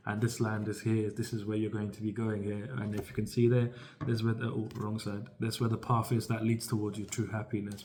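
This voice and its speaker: A man's voice: fairly low pitch, darkish tone, slight background noise, low-quality recording. A man giving a casual, rambling tarot reading, full of fillers and repeated phrases. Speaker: tarot reader.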